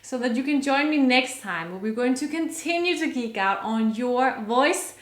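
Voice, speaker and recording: A woman's voice: sits high, lively intonation, moderate pace, reverberant. A woman vocal coach explaining singing technique to her viewers, upbeat and enthusiastic, stopping to sing short examples.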